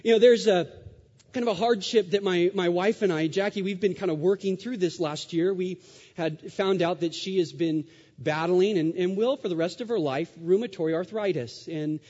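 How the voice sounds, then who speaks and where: Warm-voiced man preaching in a reverberant hall. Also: high voice, normal speed. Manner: emphatic preaching with rhetorical questions and repetition. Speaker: pastor. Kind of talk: sermon. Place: church sanctuary. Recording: dull sound with long hall reverb.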